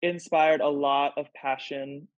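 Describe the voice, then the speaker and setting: A pro volleyball player appears as a podcast guest, speaking slowly in a fairly high, level-toned voice with no echo. He's earnest and emotional in casual conversation, using "like" often. The sound is dull and lo-fi.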